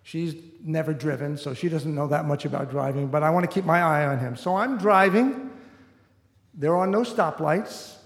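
A man's voice: on the high side, moderate pace. A middle-aged man telling a personal story on stage, in an easy conversational way full of "you know" asides. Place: stage in a large hall before an audience. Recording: roomy hall reverb.

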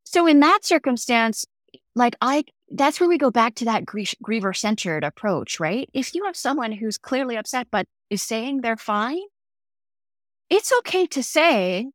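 A woman's voice: on the high side, animated, measured pace, no echo, clean studio sound. A middle-aged woman talking as a podcast guest, telling personal stories and acting out the lines she quotes. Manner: reflective, acts out quoted dialogue. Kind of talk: conversational interview storytelling.

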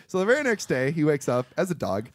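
A man's voice: on the high side, big pitch swings, quick pace. Giggly man recapping a bad movie. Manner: laughs often, recaps the plot with put-on quotes. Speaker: podcast co-host. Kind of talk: casual movie riff.

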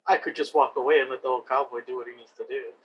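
A man playing a tabletop game at a quick clip, blunt and gruff in character. The audio is dull and lo-fi, with faint noise behind him. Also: medium pitch, steady tone. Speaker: player.

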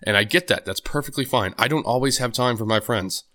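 A young man hosts his podcast solo, rambling casually in a medium-pitched voice that is brisk and sharp, full of fillers and restarts.

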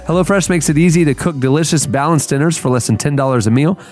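A man's voice: on the high side, quick pace, darkish tone, soft background music. A man hosting a podcast, running segments and reading an ad in an upbeat, casual way. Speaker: podcast host. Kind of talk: casual podcast chat and read ads.

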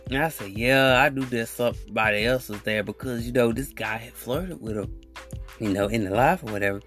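Young male podcaster, rambling slangy storyteller, mid-pitched voice over soft music. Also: a little fast. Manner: animated, slangy, rambling, acts out quotes. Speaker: podcast host. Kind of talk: casual storytelling monologue.

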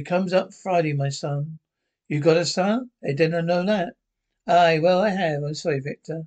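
A man's voice: high-pitched, natural voice. A man playing a cranky old Glasgow pensioner. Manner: bickering, crude banter. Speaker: sitcom pensioner. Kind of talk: broadcast sitcom acting.

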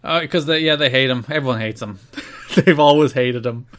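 A man co-hosting a casual podcast, talking quickly and wryly, often laughing. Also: mid-range voice. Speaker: podcast co-host. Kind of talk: casual chat.

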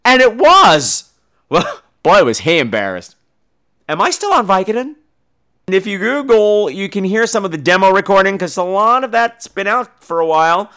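High, lively gay man ranting comically. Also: normal speed. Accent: New York. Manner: animated, profane, acts out quotes in exaggerated voices. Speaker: podcast host. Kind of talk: comedic podcast rant.

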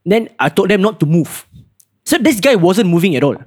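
A man's voice: sits high, sing-song, a little fast. A young man with a Singaporean English accent, co-hosting a casual podcast and telling a story in colloquial slang. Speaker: podcast co-host. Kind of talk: casual chat.

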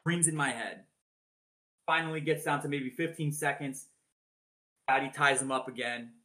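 A man with a bright, forceful voice narrates a boxing match for his podcast co-hosts. He talks casually, swears freely and keeps the story moving with plenty of energy. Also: medium pitch, moderate pace. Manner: animated, swears freely, acts out announcers' shouted calls.

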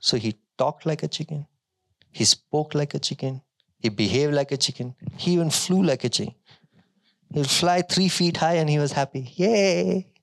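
A male pastor preaching a sermon, emphatic, moving between strong declarations and quieter storytelling. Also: on the high side, normal speed.

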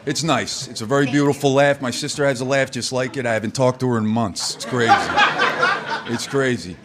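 A man's voice: mid-range voice, steady tone, fairly quick, very noisy. A man doing live stand-up crowd work on a comedy club stage, loose, profane and teasing the audience.

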